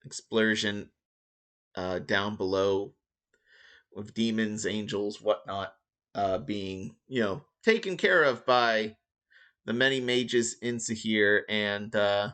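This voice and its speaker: A man's voice: on the low side, takes it slowly, a bit bright. A man running a tabletop game as dungeon master, rambling and joking with lots of fillers. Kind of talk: casual game-master narration.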